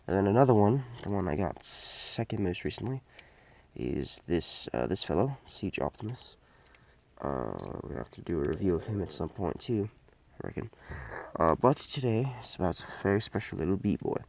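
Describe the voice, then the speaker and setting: A low-voiced man with a gravelly edge talks through a toy review in a loose, off-the-cuff way. He rambles, trails off and restarts often, filling gaps with plenty of "uh"s. His tone stays dark and mellow throughout. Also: big pitch swings, normal speed. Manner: rambling, hesitant, many fillers and restarts. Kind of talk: casual unscripted toy review.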